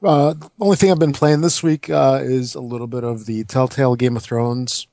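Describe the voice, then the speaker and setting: Gravelly, relaxed male podcast co-host. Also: mid-range voice, normal speed, no echo, studio quality. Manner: easygoing, hesitant with many uhs. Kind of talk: casual gaming podcast chat.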